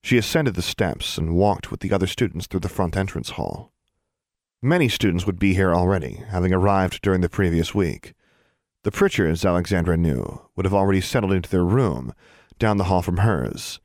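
A man narrates an audiobook in a low voice with a steady, even storytelling manner. The sound is close and dry. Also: normal speed, dry recording.

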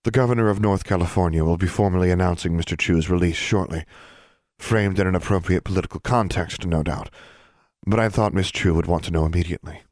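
A man voicing a stern, formal woman school dean who speaks crisply with a slight edge in a storybook reading. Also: sits low, fast talker, darkish tone, no room sound, clean studio sound, natural voice.

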